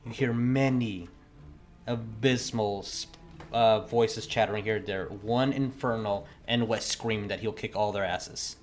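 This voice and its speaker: A man narrating as the game master of a tabletop game, in a slow, halting way with many fillers. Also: lowish voice, fairly even intonation, soft background music. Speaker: dungeon master.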